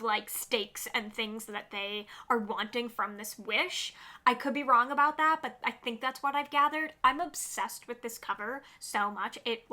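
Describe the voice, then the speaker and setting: A woman's voice: on the high side, sharp tone. A woman vlogging about upcoming books in a casual, gushing, upbeat way, with lots of "like" in her speech. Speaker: book vlogger. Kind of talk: casual chatty book rundown.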